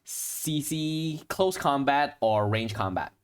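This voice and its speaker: A game master with a smooth, mid-range voice speaks slowly while running a tabletop sci-fi horror game. He narrates action and steadily walks through the rules, often restarting partway through a phrase.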